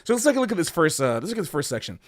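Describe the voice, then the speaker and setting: A man voicing a slick male online music-lesson presenter who makes a smooth sales pitch full of filler ums. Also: big pitch swings, very fast. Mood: mock-salesy.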